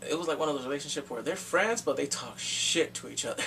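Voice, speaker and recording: Excitable rambling man, a bit off-mic. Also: a little high, fast talker. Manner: rambling, excitable retelling with blunt crude slang. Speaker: movie reviewer. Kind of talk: casual spoken movie recap. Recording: distant mic with faint background noise.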